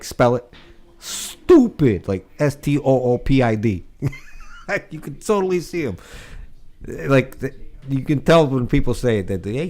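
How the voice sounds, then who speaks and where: A man's voice: medium pitch, warm tone. A man co-hosting a casual livestream chat, laughing at his own jokes and drawing out words for effect. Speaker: livestream co-host.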